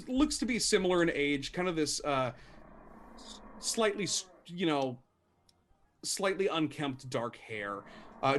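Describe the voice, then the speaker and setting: A man's voice: a little high, fairly bright tone. A man narrating as game master of a tabletop game, rambling with many fillers and restarts and casual swearing.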